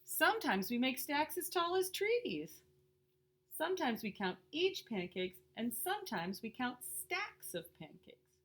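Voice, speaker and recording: A woman reads a children's picture book aloud, slow and unhurried. Her pitch sits a little high and swoops widely from word to word. She lingers on each phrase as if for a small listener. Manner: slow and lilting, lively pitch with playful character voices. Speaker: storybook reader.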